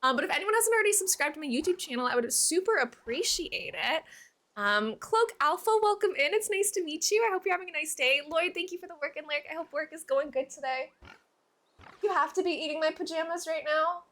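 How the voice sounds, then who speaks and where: Bright, lively high-voiced young woman streamer. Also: fast talker. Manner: chatty and giggly, baby talk to her cat. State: hiccups. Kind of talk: casual live-stream chat. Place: home room.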